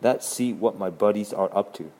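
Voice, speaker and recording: A man's voice: lowish voice, slow, warm tone. A man doing a chirpy female termite guide. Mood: cheerful. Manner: chirpy, welcoming.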